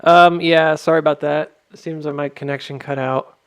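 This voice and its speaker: A man's voice: fairly high pitch, fairly even intonation, moderate pace, smooth. A man hosting a livestream in casual chat, rambling and full of fillers. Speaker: livestream host.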